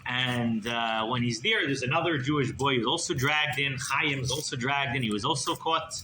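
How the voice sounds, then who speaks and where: A rabbi telling a story in a sermon, animated and conversational, often checking in with the listeners, recorded in an echoey room with background noise. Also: male voice, mid-range voice, moderate pace. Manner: animated, conversational, asks "right?".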